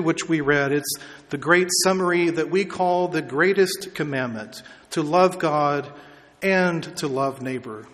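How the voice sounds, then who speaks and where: Pastor preaching in a reverberant hall. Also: male voice, on the high side. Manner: measured preaching with drawn-out emphasis on key words. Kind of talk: sermon. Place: church sanctuary. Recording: long reverb of a large hall.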